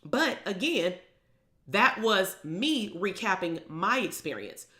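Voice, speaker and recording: A woman's voice: mid-range voice, sing-song, takes it slowly, sharp tone. A woman, talking bluntly and emphatically as a business coach on a live stream. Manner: blunt, emphatic, swears freely.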